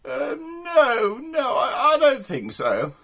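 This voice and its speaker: A man's voice: very high voice, huge pitch swings, slow pace, creaky, a bit bright, pitched above the performer's own voice, exaggerated voice. A man doing a tearful posh lady. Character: tearful posh young woman being chatted up.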